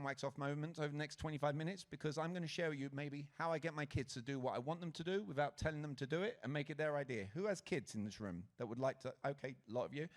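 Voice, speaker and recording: Man, Britain-raised, slightly high voice, energetic conference speaker, audience-interactive. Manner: lively, engaging the crowd with questions. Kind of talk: motivational stage talk to an audience. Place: conference stage before a live audience. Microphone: handheld stage mic.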